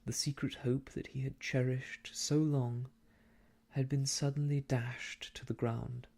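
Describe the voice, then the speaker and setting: A man softly reading an old novel aloud for ASMR, hushed and slow, slipping into whispers, close to the mic. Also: mid-range voice, level tone, vocal fry. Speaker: storyteller.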